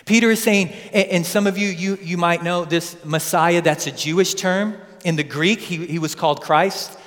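A man preaching a sermon, retelling scripture with lively asides to his congregation in a church. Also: high voice, normal speed. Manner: animated storytelling with asides to the congregation. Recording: long hall reverb.

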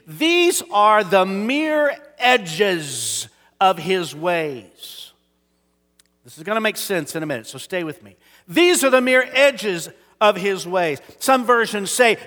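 A man delivers a sermon to a congregation, his voice high and bright. He swings from booming declarations to near-whispers and calls for responses from the room. Long reverb from a church hall trails every phrase. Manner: dramatic, swings from loud to whispered. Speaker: pastor.

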